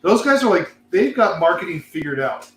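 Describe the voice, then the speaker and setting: A man's voice: high voice, big pitch swings, normal speed, echoey room, faint music behind. A man hosting a casual chat show from a cigar lounge, rambling, laughing and swearing as he talks. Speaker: host.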